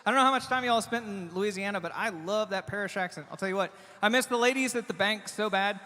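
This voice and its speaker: A man performing live, chatting between songs in a rambling, halting way, stumbling over restarts. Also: sits high, sharp tone. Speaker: singer-songwriter performing live. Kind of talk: between-song stage banter. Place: small bar stage. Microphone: stage vocal mic. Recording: live bar recording with long reverb and band music. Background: guitar and band music.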